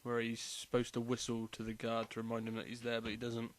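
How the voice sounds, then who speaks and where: A man's voice: mid-range voice, completely flat delivery, a little fast, no echo. A man answering quiz questions in casual chat, thinking aloud with fillers before each answer. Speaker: quiz contestant.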